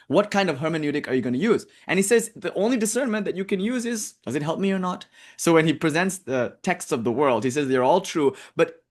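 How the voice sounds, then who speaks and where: A young man giving a casual, animated talk on spiritual texts as a teacher, wandering into tangents and jokes. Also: medium pitch. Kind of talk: casual lecture on scripture.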